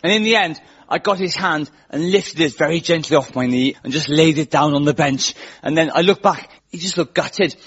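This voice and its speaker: A man's voice: on the high side, moderate pace, hardly any pauses, breathy edge. A man doing a stand-up comedy monologue as host, telling self-mocking stories in a wry way. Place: live venue with audience. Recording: lo-fi live recording with audience laughter. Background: audience laughter.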